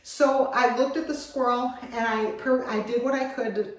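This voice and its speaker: A woman vlogger telling a story with lively energy, going from loud excitement to hushed calm. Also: a little high, moderate pace. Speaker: animal rescue vlogger. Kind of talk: animated storytelling. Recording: very echoey voice, far from the mic.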